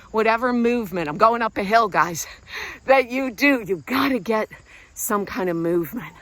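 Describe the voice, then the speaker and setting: This middle-aged woman, a vlog host and self-help speaker, walks outdoors around a lake while chatting casually and encouragingly, breathing a bit hard from the hike. She speaks at a moderate pace in a medium-pitched, fairly bright voice.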